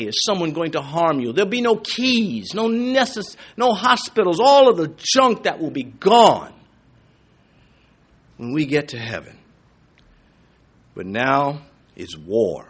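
A man preaching a sermon in a somewhat husky, fairly high voice. His pitch leaps and dips constantly, surging upward on rallying lines, then falling to quiet, low asides. Scripture passages come in a calmer, lower reading tone. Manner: preaching with sudden rises and hushed drops; reads scripture aloud in a lower, steadier tone. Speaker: pastor.

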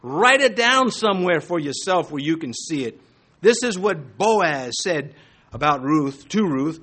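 Middle-aged pastor, animated sermon delivery, high, swooping voice. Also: male voice, unhurried. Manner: animated preaching with jokes and asides.

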